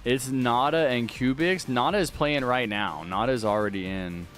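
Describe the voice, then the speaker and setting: A man's voice: mid-range voice, moderate pace, a bit bright, faint music behind. A man live-streaming a video game, chatting casually, reading viewer messages aloud and thanking donors. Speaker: livestreaming gamer.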